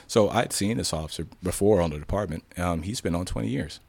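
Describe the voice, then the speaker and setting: A man's voice: sits low, fast talker, creaky, hardly any pauses, husky, no echo. A man, a police sergeant, telling his story candidly in an interview and acting out the dialogue as he goes. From South Side of Chicago. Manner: animated retelling with quoted dialogue, frequent restarts.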